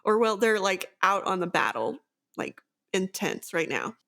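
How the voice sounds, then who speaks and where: A woman's voice: medium pitch, sing-song, unhurried, a bit bright. A woman co-hosting a casual book discussion, recapping the plot at length with many "like" fillers. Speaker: book podcast co-host.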